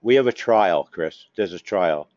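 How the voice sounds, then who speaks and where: A man's voice: low voice, expressive, a little slow, darkish tone, no room sound. A man hosting a live trading room, talking casually to members by name, coaxing and teasing them. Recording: dull, dry lo-fi stream audio.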